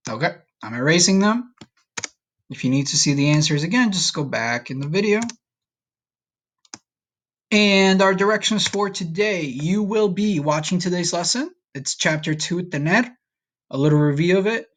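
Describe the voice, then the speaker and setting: A man teaching a recorded language lesson, patient and slow, often checking in with "okay?". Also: high-pitched, expressive, a bit bright. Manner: speaks slowly for learners to repeat. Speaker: Spanish teacher.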